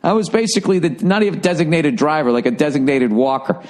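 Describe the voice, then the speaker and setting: A man from the Boston area hosting a podcast, telling a rambling, profane story that jumps into high-pitched bursts for emphasis. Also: lively intonation, quick pace, a little mellow. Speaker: podcast host. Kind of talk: casual storytelling monologue.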